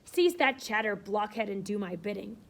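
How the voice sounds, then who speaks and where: A woman's voice: on the high side, fairly quick, slight background noise, lightly acted. A woman voicing a haughty commanding society lady. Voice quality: imperious, commanding.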